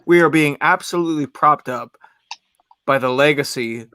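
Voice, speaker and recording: A man's voice: a little high, moderate pace, pushed and bright, clean tone. A man calling in to a fan show, ranting with emphasis and repeating words as he builds his point. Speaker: fan caller. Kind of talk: heated fan call-in rant.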